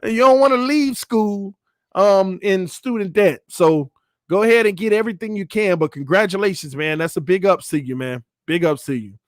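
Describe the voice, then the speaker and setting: A man's voice: high-pitched, normal speed, no room sound, studio quality. A man hosting a casual live-stream, reading viewer comments aloud, laughing and joking as he stumbles over names. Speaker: channel host.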